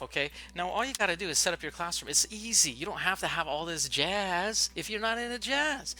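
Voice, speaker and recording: A man teaching online English, giving casual, playful and excitable how-to advice in a vlog. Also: a little high, unhurried, faint music behind.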